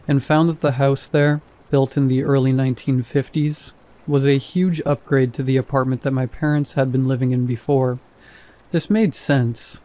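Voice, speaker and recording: A man narrating a first-person horror story in a calm, measured reading. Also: medium pitch.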